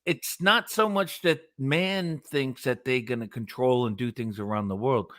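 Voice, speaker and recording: A man's voice: mid-range voice, measured pace, a bit bright, dry recording, studio quality. A man co-hosting a live talk stream, ranting in a blunt, profane and preachy way. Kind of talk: casual ranting chat.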